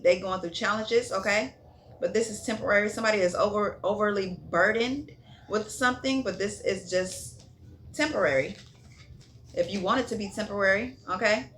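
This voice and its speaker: A woman's voice: mid-range voice, pushed and bright, slight background noise. A woman giving a casual tarot reading in a blunt, profane way, repeating herself and checking in with "okay?". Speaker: tarot reader.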